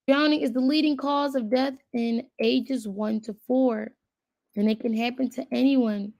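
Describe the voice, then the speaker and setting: Gravelly higher-voiced woman, close and dry. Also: fairly even intonation, a little slow, darkish tone, no room sound, muffled recording. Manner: thinks aloud, reads web text aloud with frequent fillers. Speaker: channel host. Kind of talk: casual commentary while browsing and reading aloud.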